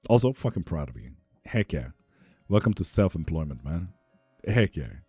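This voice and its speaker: A young man chatting casually on a live stream, reading viewer comments, relaxed, swearing freely and cheering people on, a little ill and foggy. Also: low voice, moderate pace, husky, dry recording, faint music behind. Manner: laid-back, swears freely, upbeat cheering. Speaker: live tarot and spell streamer.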